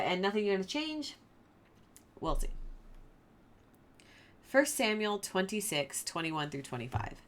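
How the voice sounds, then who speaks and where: A woman hosts a casual Bible study, reading verses aloud and then talking them over. She is informal and chatty, full of fillers and asides, and her pitch rises and falls a lot around a middle height. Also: pushed and bright.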